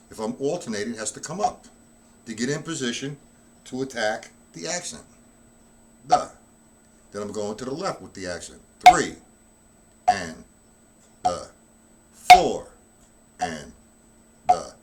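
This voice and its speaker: A man's voice: medium pitch, very noisy. A man giving a live-streamed drum lesson who is not feeling well, coughing now and then and counting the beats aloud as he demonstrates. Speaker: drum teacher.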